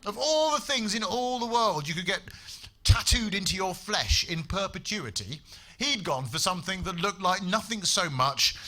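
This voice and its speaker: A man's voice: sits high, big pitch swings, moderate pace, sharp tone, soft background music. A man doing a stand-up comedy set on a club stage, telling stories in a wry, sardonic way with plenty of swearing.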